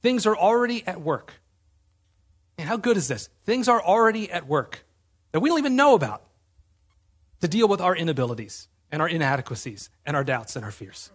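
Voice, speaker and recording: A man's voice: sits high, sing-song, brisk, slightly rough. A man preaching a sermon as pastor, earnest and emphatic, asking his listeners rhetorical questions.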